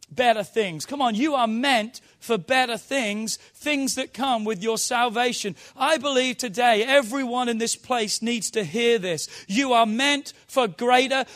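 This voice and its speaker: With a very high-pitched, fairly bright voice, this pastor delivers his sermon with emphasis and keeps urging the congregation to respond to him.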